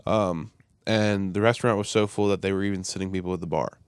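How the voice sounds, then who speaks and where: Young American man, podcast host, fast and crisp, dry close sound, lively storyteller. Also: deep voice, no echo. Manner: animated storytelling, swearing, acting out quotes. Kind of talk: casual podcast chat.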